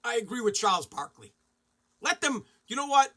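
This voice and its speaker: High bright-voiced ranting man. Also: sing-song, moderate pace. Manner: heated, swearing, loud bursts of indignation. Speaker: podcast host. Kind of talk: profane ranting monologue.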